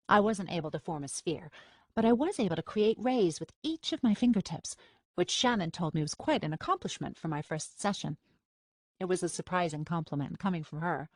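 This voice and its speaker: Low-voiced woman narrating an audiobook. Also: expressive, normal speed, a little mellow, no echo. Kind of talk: scripted first-person narration. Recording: dry studio recording.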